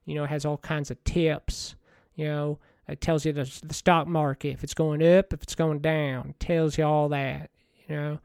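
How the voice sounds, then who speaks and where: A man in a rambling comedic monologue as a washed-up TV money-show host, folksy, meandering and deadpan. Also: a little high, moderate pace, gravelly, hardly any pauses, clear, resonant tone, no room sound, clean studio sound.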